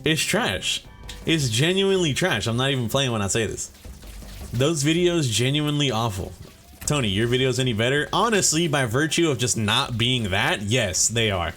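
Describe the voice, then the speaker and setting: At a moderate pace, this man talks expressively in a fairly bright, medium-pitched voice while hosting a let's play. His casual cursing, filler-heavy rambling and joking swagger come across as mock-serious. Game music is faintly audible.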